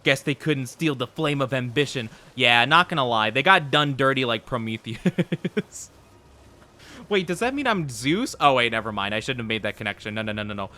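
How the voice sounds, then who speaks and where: Animated, bright-voiced male game streamer. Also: mid-range voice, normal speed. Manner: chatty and playful, laughs often. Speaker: VTuber streamer. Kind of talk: casual gaming commentary to chat.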